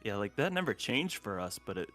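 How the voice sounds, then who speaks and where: A man's voice: on the low side, sing-song, fairly quick, fairly bright tone, soft background music. A man, co-hosting a casual live stream with playful banter. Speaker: co-host.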